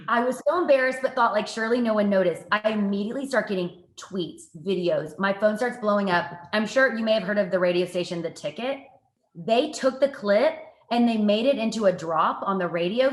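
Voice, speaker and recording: A woman, a TV reporter, telling stories from her work in a casual interview, lively and self-mocking. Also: a little high, reverberant. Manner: lively, animated storytelling with self-mocking asides. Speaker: guest, TV reporter and anchor.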